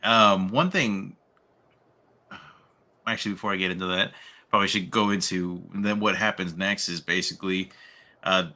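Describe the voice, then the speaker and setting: A man's voice: low voice, steady tone, normal speed, pauses often, sharp tone. A man co-hosting a casual book club chat, easygoing and agreeable as he recaps events. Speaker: co-host.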